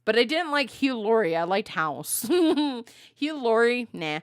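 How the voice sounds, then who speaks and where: A woman co-hosting a podcast in casual chat, telling animated stories, acting out quotes and laughing often. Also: on the high side, takes it slowly, dry recording, studio quality. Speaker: podcast co-host.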